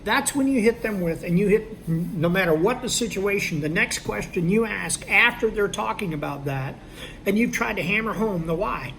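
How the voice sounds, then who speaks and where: Guy with a gravelly voice coaching sales, keeps asking "okay?". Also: high-pitched, moderate pace, a bit bright, a little hiss or hum. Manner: conversational, checks in with "okay?" and "all right?"; acts out both sides of sales dialogue. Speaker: sales trainer. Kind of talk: instructional talk.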